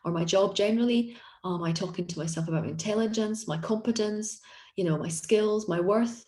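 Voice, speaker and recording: A woman's voice: mid-range voice, fairly quick, mellow, reverberant. A woman coaching an online group session on confidence, talking in an encouraging, conversational way with frequent restarts. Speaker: executive coach.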